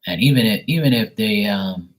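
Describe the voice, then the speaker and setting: A man's voice: lowish voice, animated, normal speed. A man hosting a live stream who tells stories in a rambling, blunt, profane way. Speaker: live tarot reading host. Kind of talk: casual storytelling on a live stream.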